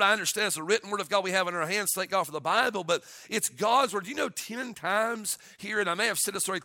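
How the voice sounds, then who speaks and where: High-voiced bright preacher, dry sound. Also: male voice, no echo. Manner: impassioned, rising to shouts of awe. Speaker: pastor. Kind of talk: sermon.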